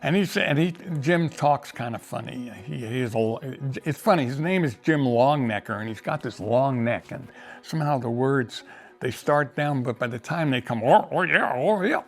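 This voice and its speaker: A man's voice: medium pitch, moderate pace. An older man telling a rambling story in casual conversation, with many restarts and acted quotes. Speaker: interviewee storyteller.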